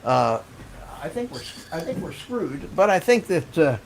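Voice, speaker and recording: A man's voice: fairly high pitch, very animated, measured pace, vocal fry, slight background noise. An older man hosting a live stream, chatting casually and rambling, often laughing as he reads out viewer comments.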